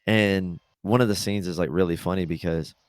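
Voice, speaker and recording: A man's voice: sits low, fairly even intonation, fairly quick, smooth, no room sound. A man co-hosting a podcast, telling rambling, profanity-laced stories in casual chat. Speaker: podcast co-host.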